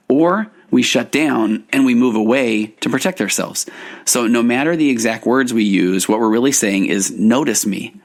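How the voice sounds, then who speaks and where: Male therapist-host, earnest teacher, slightly low voice with vocal fry. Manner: earnest, explanatory, often restarting phrases. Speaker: podcast host and marriage therapist. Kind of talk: solo podcast teaching.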